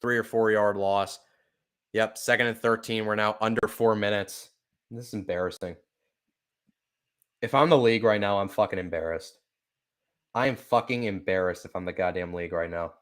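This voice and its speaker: A man calls football plays live for his podcast in a smooth, clear voice. He talks like an upset fan, swearing and apologizing between plays, then gets louder and quicker when the action starts. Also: fairly low pitch. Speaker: play-by-play podcast host. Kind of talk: live fan play-by-play commentary.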